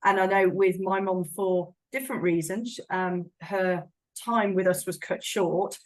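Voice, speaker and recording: A middle-aged woman hosting a casual interview, speaking gently and attentively. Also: lowish voice, fairly even intonation, a little slow, rough recording. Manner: gentle, attentive, quietly affirming. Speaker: podcast host.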